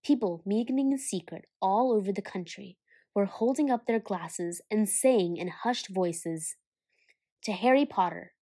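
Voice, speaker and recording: A woman narrating a children's novel aloud in a measured, expressive storytelling manner. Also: mid-range voice. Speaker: audiobook reader.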